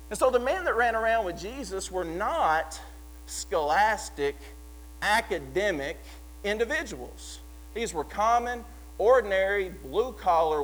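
A man delivers a sermon. He preaches with passion, rising to loud fervor and then dropping to a quiet, earnest tone. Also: sits high, poor audio. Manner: impassioned, swings from loud to hushed. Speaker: pastor.

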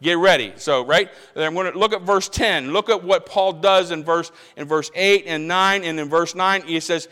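A man's voice: fairly high pitch, moderate pace, few pauses, bright, forceful tone, long reverb tail. An older man preaching a sermon as pastor, emphatic and conversational, repeating his points with frequent restarts.

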